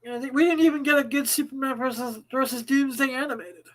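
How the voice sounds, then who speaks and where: A woman's voice: sits high, fairly even intonation, fast talker, poor audio. A woman co-hosting a casual live talk show, chatty, restarting sentences, swearing freely.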